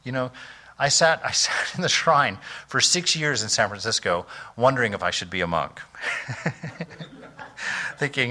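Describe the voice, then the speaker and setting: Bright-voiced man giving a relaxed talk. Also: mid-range voice, brisk. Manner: conversational, many "you know"s and restarts, laughs easily. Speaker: monk lecturer. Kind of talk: informal spiritual lecture. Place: temple hall.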